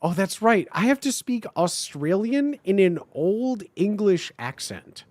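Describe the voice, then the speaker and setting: A streamer host giving a comedic dramatic reading of fan fiction, with animated, swearing asides. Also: mid-range voice, unhurried, no echo.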